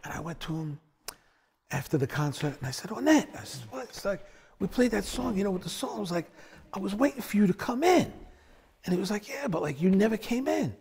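A man, a bassist, telling stories in a sit-down conversation, acting out quotes with big swings in his voice. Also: fast. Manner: animated storyteller, acts out quotes with big pitch swings.

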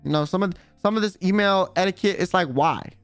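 A man's voice: high voice, fairly quick, clear, resonant tone, faint music behind. A man streaming in a casual chat, rambling and swearing freely, full of filler words. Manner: rambling, profane, full of "like" and "you know".

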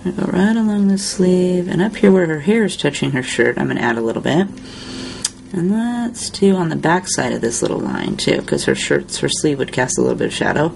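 A woman hosting a step-by-step coloring tutorial, talking in a relaxed, chatty way while she works. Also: low-pitched, a little fast, gravelly, a little hiss or hum. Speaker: crafting tutorial host.

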